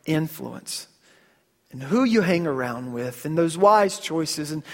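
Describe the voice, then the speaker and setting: A man's voice: on the high side, animated, slow pace. A man in his thirties preaching a casual, story-filled sermon, often repeating words as he starts a sentence. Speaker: pastor. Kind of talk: conversational sermon. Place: church sanctuary. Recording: long hall reverb.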